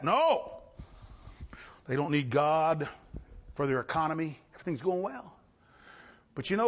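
A man delivers a fiery sermon. His voice sits high and leaps around in pitch, rising to shouts and then sinking into quiet, wry asides. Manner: impassioned, swinging between shouts and low asides. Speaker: preacher.

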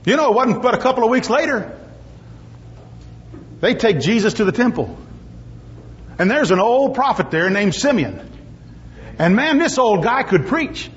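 A man preaching a sermon, telling stories in an animated way and rising at times to shouts. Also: very high voice, normal speed, pauses often. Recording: dull lo-fi recording.

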